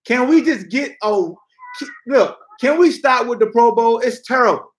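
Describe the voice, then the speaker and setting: A man's voice: extremely high pitch, measured pace. A man hosting a sports podcast, ranting bluntly in casual slang. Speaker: podcast host. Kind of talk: casual sports talk rant.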